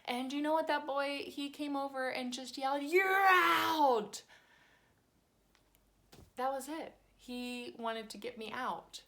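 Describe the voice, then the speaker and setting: With a slightly high voice, this thirty-something teacher recounts something that happened to her, sitting in a cozy home. She tells it in a chatty, animated way and imitates the people she's describing.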